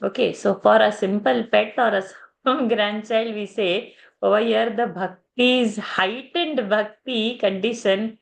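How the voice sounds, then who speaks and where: A woman teaching a verse class, explaining slowly, repeating words and asking "huh?" as she goes. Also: medium pitch, steady tone, vocal fry.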